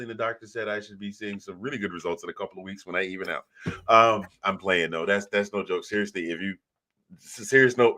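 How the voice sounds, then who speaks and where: A man's voice: on the low side, sharp tone, slight background noise. A man co-hosting a casual sports talk show, joking around and often restarting his sentences. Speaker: show co-host.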